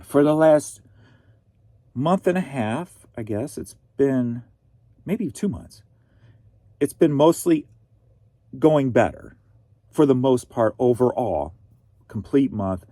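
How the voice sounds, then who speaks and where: A man's voice: medium pitch, lively intonation, takes it slowly, long pauses, mellow, no room sound. A man from Missouri, a reselling vlogger with a sore throat, chatting in a rambling, wry way. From Missouri, USA. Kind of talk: casual vlog chat.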